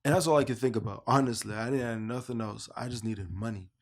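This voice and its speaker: A young man from Canada telling his own life story in a casual, lively way, acting out the remembered dialogue. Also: fast. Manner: animated storyteller who acts out both sides of remembered dialogue in a higher voice. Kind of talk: casual personal testimony.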